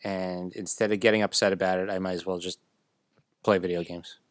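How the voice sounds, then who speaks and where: A man's voice: low voice, little pitch movement, fairly quick, no room sound, clean studio sound. A man co-hosting a podcast, making laid-back, resigned remarks in casual chat. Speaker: podcast co-host.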